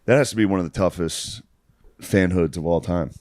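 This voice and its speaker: A man's voice: deep voice, moderate pace, a little mellow, no echo, studio quality. A man co-hosting a podcast, bantering in a laid-back way and laughing often. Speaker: podcast co-host. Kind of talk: casual chat.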